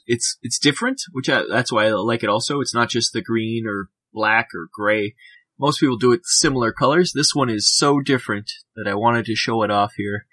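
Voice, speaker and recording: A man's voice: mid-range voice, fairly bright tone, no echo. A man co-hosting a podcast, chatting casually about the hobby with a rambling, jokey manner. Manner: rambling, filler-heavy, jokey. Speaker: podcast co-host.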